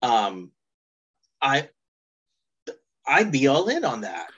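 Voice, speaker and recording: Slow, playful and bright podcast co-host. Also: medium pitch, sing-song, slightly rough, muffled recording. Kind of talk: casual fan podcast chat.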